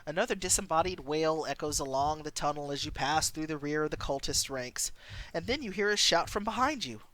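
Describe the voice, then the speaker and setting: A woman streamer reading a story game aloud with an expressive delivery. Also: sits low, a little fast.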